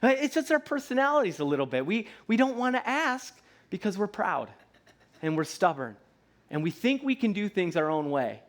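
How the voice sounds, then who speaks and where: A man, likely in his thirties, preaching a sermon in a church in a relaxed, conversational way, often checking in with "right?" and slipping into playful voices. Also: high voice, normal speed. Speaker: pastor. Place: church sanctuary.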